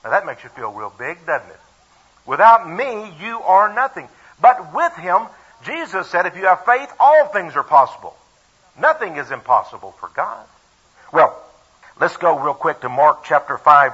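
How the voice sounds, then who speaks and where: Preacher guy on old lo-fi radio, bright voice with a husky edge, folksy and emphatic. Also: medium pitch. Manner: folksy, emphatic storytelling with chuckles. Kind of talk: sermon retelling a Bible story. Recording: dull, lo-fi radio broadcast.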